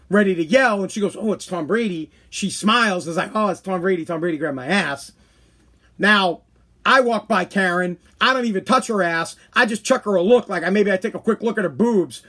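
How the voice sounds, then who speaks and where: A podcast host rants in a high, husky, rough voice that is also a bit bright. His crude, blunt commentary flows loosely, broken up by quick mock voices he uses to make his point.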